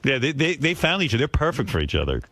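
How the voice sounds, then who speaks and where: A man's voice: mid-range voice, huge pitch swings, quick pace, noisy background. A man hosting a talk radio show, blunt and dryly needling. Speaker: radio host. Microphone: studio microphone.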